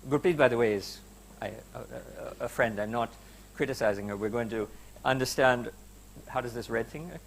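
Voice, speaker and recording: A university lecturer with a gravelly, medium-pitched voice addresses students in a lecture hall at a normal speed, over a slight hiss or hum. He lectures emphatically and conversationally, posing rhetorical questions with the occasional filler.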